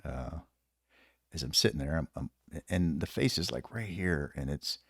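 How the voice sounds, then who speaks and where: A man's voice: extremely low pitch, expressive, normal speed, creaky, no room sound, clean studio sound. A man, a former special operations soldier, telling rambling, profane stories in a casual podcast interview, laughing often. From United States. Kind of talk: casual storytelling.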